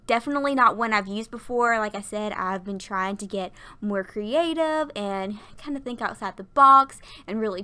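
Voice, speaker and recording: A woman's voice: a little high, sharp tone. A woman in her twenties, tired and out of breath, chatting and laughing as she narrates a game build at her workplace. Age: 20s. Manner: chatty and rambling, laughs often. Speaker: YouTuber narrating a Sims build. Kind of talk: casual voiceover chat. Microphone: desktop USB mic.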